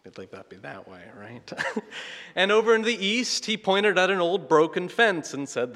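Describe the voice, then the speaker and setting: A man's voice: sits high, big pitch swings, normal speed, fairly bright tone. A man preaching a sermon, telling a story and asking rhetorical questions with light chuckles. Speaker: pastor. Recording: long hall reverb.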